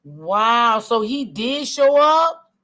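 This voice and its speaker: A woman's voice: fairly high pitch, big pitch swings, drawn-out words, pushed and bright. A middle-aged woman hosting a live stream, reading the chat aloud and commenting bluntly, with plenty of cursing. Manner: blunt, profane, outspoken, talks to chat as y'all.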